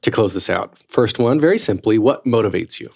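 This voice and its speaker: A man's voice: lowish voice, lively intonation, fairly quick, gravelly, darkish tone, slightly rough. A man hosting a podcast, asking short easygoing questions. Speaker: podcast host. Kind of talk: interview hosting.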